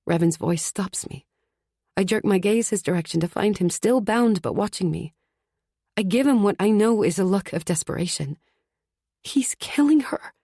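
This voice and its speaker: A woman's voice: medium pitch, moderate pace, dark tone, dry recording, studio quality. A woman narrating a fantasy audiobook in the first person, tense and urgent. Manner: tense, urgent inner monologue.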